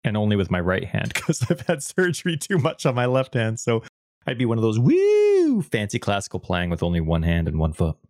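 A Canadian man with a fairly low voice chats on a gaming podcast, playful and rambling as he jumps between topics. His close, dry microphone sound has almost no room in it. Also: lively intonation, no room sound. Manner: playful, rambling, quick to laugh. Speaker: podcast co-host. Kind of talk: casual gaming podcast chat.

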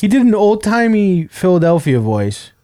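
A man's voice: high voice, sing-song, normal speed, dark tone, dry recording, clean studio sound. A man hosting a podcast in casual chat, laughing often and joking crudely.

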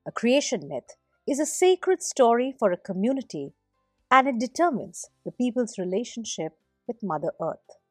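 A woman narrating a myth as a storyteller, in a gently expressive way. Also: on the high side, normal speed, no room sound, clean studio sound, faint music behind.

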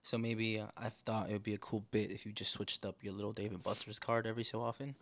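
A man co-hosting a podcast in casual chat, loose and animated, with slang and swearing. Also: lowish voice, fast talker. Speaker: podcast co-host. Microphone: handheld microphone.

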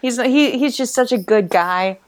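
A woman's voice: a little high, unhurried. A woman co-hosting a casual book podcast who reacts playfully and asks questions as a newcomer to the series. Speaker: podcast co-host.

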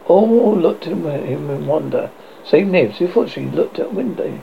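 A narrator reading a storybook aloud, halting now and then with restarts, in a dull lo-fi recording. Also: mid-range voice, lively intonation, vocal fry, a little hiss or hum.

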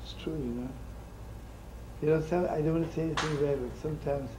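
A man's voice: a little high, steady tone, a little fast, a crowd in the background. A man teaching as a rabbi in a folksy, jokey storytelling sermon, sprinkling in Yiddish and Hebrew words. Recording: noisy old recording.

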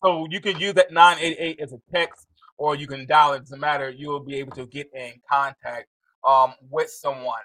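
An excitable male host runs a live interview show, laughing easily and talking straight to his viewers. His voice is bright and sits a little high. The sound is dry and close. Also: moderate pace, no echo, poor audio. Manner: animated, excitable, laughs often.

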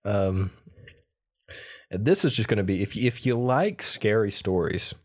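A man's voice: lowish voice, lively intonation, a little slow. A young man co-hosting a podcast, talking in an easygoing, hesitant way with many fillers. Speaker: podcast co-host. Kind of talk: casual chat.

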